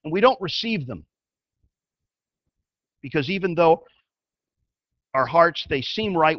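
A man preaching a sermon as a pastor. He tells the story in an animated way and swings from loud to hushed. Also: a little high, slow, pauses often, no echo, lo-fi sound.

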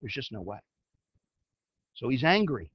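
A man preaching a sermon as a pastor. He tells the story in an animated way and swings from loud to hushed. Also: mid-range voice, measured pace, slightly rough, no echo, highs cut off.

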